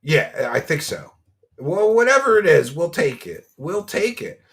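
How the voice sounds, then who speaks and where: A man hosts a casual commentary stream with a bright, tense voice that sits a little high. He mocks his subject, laughs often and reads out donor names. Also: big pitch swings, unhurried.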